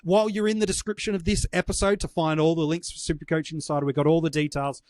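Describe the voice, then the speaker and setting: Upbeat Australian podcast host, slightly high. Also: male voice, fairly even intonation, fast talker, darkish tone, dry recording, clean studio sound. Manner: upbeat, chatty sign-off patter. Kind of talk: podcast hosting.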